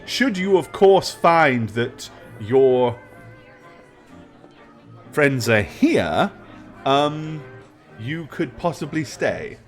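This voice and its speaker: A man's voice: mid-range voice, big pitch swings, very slow, long pauses, soft background music. A man doing a polite, hesitant waiter. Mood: deferential. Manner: hesitant, formal, deferential. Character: polite deferential male club waiter.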